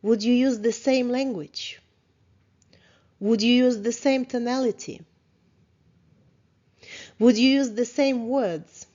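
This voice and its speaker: A woman therapist leading a guided self-reflection lesson, talking calmly and asking many questions, with small grammar slips. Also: on the high side. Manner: slow, calm, questioning, with small grammar slips of a non-native speaker. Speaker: therapist teaching a course. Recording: slightly dull lo-fi sound.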